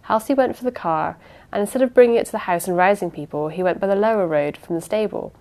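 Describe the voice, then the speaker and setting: A woman's voice: medium pitch, lightly acted. A woman reading the part of a young woman who speaks evenly but halts and restarts under strain. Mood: firm. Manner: even, halting with small restarts.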